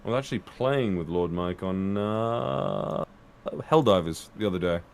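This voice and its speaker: A man's voice: low-pitched, animated, a little slow, a little mellow, a little hiss or hum. A man from Birmingham with an English accent, chatting casually and playfully on a panel, swearing now and then. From Birmingham, England. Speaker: voice actor panelist.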